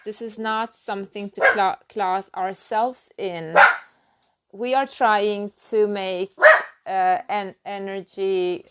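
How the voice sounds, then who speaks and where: A woman giving a halting, earnest spiritual talk on her own channel, full of restarts and "you know.". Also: medium pitch, fairly even intonation, background noise. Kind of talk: personal spiritual talk to camera.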